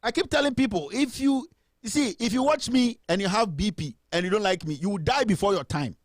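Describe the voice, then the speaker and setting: A man's voice: sits high, animated, brisk, no room sound, studio quality. A man with a Ghanaian accent ranting in impassioned, indignant political commentary as a host.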